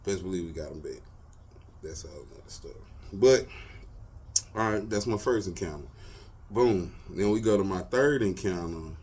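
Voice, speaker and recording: A Texan man hosting his show tells personal stories in loose, slangy, casual talk, tossing in lots of "you feel me." His voice is deep, a little mellow and husky, with lively intonation, normal speed, and long pauses.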